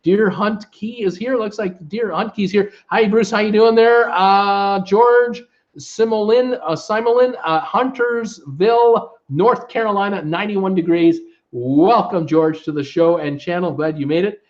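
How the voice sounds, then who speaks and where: Male host, slightly high voice, chatty live-stream reading of comments, dull lo-fi sound. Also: measured pace. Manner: reads viewer comments aloud with many fillers. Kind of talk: casual live stream chat.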